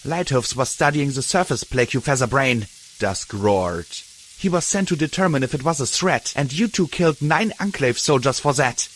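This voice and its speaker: A man voicing a proud, bitter older mare soldier who speaks with hissing scorn, a little higher than his own voice. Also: sing-song, normal speed. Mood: scornful, hostile.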